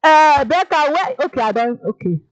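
High-voiced playful Nigerian Pidgin host. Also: lively intonation, moderate pace. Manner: chatty, playful, lots of listening murmurs. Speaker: radio show host. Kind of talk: casual chat reading comments. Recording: dull lo-fi, dry.

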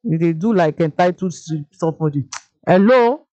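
A woman with a Nigerian Pidgin accent hosting a call-in radio show, lively and mixing in Yoruba. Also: on the low side, normal speed, no room sound, highs cut off. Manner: lively, mixes Pidgin and Yoruba, laughs easily. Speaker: radio host.

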